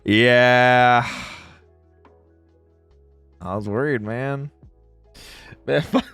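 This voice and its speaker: A man's voice: mid-range voice, extremely slow, a bit bright, faint music behind. A man chatting casually on a livestream, ranting with lots of swearing and frequent laughter. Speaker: streamer.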